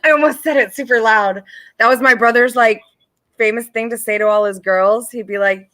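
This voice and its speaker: A woman's voice: on the high side, steady tone, moderate pace, fairly bright tone. A woman hosting a casual live chat stream, laughing easily and passing on viewer requests. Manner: giggly, reads out viewer requests. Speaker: host.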